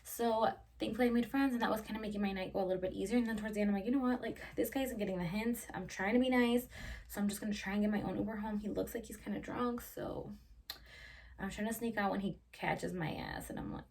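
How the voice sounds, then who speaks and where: A woman's voice: mid-range voice, fast talker. A young woman in her twenties chatting casually to camera in a Q&A, telling stories and saying "like" constantly, with frequent swearing. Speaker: vlogger. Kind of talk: casual Q&A storytelling. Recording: voice a little distant from the mic, faint ambient noise.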